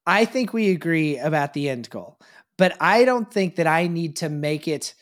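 A man's voice: on the high side, expressive, normal speed. A man co-hosting a podcast in casual chat, arguing his points plainly and asking questions. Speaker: podcast co-host.

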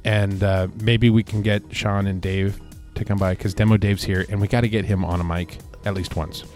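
Low-voiced deadpan co-host. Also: male voice, moderate pace, soft background music. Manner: dry, joking deadpan. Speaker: podcast co-host. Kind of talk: casual chat.

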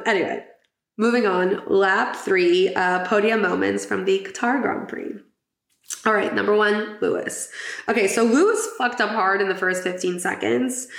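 Chatty woman with a gravelly voice. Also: mid-range voice, a bit bright, reverberant. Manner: chatty, giggly, lots of fillers. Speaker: podcast host. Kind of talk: casual chat.

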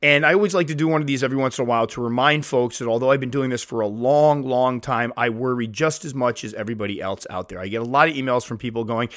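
A man's voice: medium pitch, quick pace, hardly any pauses, fairly bright tone, dry recording, studio quality. A man hosting his own podcast, talking casually and self-deprecatingly, sometimes acting out quoted voices, recorded on a podcast mic at home. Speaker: podcast host. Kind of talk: casual solo podcast talk.

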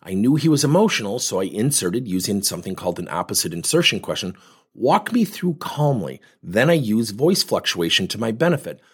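Animated, husky-voiced male coach. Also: lowish voice, fast, few pauses. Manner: animated, acts out dialogue in his stories. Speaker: coach and workplace communication trainer. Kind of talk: storytelling talk on coaching.

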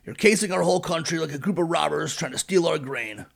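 A man's voice: on the high side, quick pace, creaky. A man voicing a harsh, blunt, swearing man of power who holds a grudge.

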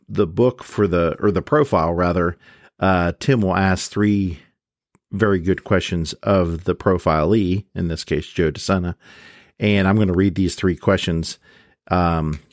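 A man with a very low voice talks through a book in a relaxed, casual way. He reads passages aloud and frames them with "quote" and "unquote". The sound is dry and close, with no room echo. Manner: relaxed, with frequent fillers and restarts. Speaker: book reviewer.

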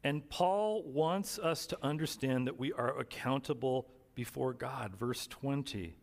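A male pastor preaching a sermon, telling stories earnestly and slowing down to stress key words. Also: mid-range voice, gravelly. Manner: earnest storytelling, slows for emphasis. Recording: long reverb of a hall.

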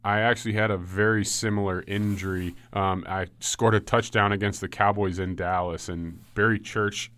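A man in his thirties, a former football player, telling injury stories in a relaxed way with many ums. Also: on the low side, moderate pace, few pauses, clean tone. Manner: relaxed storytelling with frequent ums and likes. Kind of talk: casual podcast chat.

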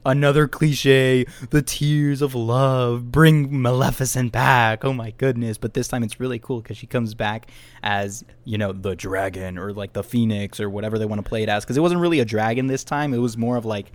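A man casually retelling a film plot in a lively, animated way, with laughs, as one of two reviewers. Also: medium pitch, moderate pace, no room sound. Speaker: movie reviewer. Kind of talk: casual chat.

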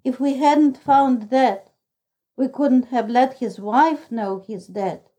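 A woman's voice: high-pitched, slow pace, warm tone. A woman reader voicing a deaf, gossipy old female lodging-house keeper who exclaims dramatically, in a storybook reading. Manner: exclaiming, throws up her hands.

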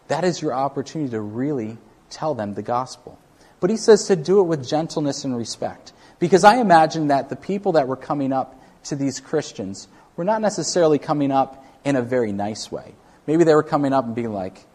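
A man's voice: mid-range voice, fairly quick, a little mellow. A man preaching a sermon to a congregation, talking in a loose, conversational way with frequent restarts. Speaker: pastor.

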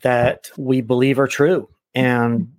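A man's voice: medium pitch, flat delivery, takes it slowly, dry recording. A man who works as a coach, talking earnestly on a podcast and often repeating words as he gathers his thoughts. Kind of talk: casual podcast chat.

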